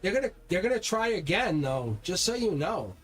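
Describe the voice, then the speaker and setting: A man's voice: high-pitched, big pitch swings, normal speed, husky, faint music behind. A man giving a live-stream tarot reading, speaking straight to viewers in a rambling, repetitive way and swearing when he gets heated. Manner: rambling, repeats words and restarts. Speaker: tarot reader.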